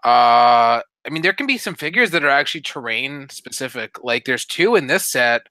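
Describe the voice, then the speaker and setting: A man's voice: medium pitch, lively intonation, normal speed, pushed and bright, no room sound. A man on a casual podcast, explaining game strategy in a rambling way with lots of "uh" and "like". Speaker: podcast co-host.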